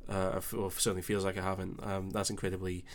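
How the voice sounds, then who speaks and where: A young man with a Scottish accent hosting a casual live stream, chatting easily and reading out viewer comments with relaxed filler pauses. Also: deep voice. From Scotland. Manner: chatty and easygoing, thinking aloud with filler pauses.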